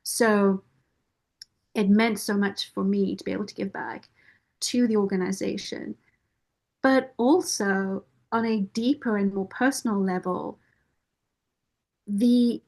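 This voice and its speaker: A woman's voice: medium pitch, fairly even intonation, a little mellow. Earnest woman giving a heartfelt testimonial. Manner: earnest, measured, with deliberate pauses. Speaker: nonprofit board member and parent caregiver.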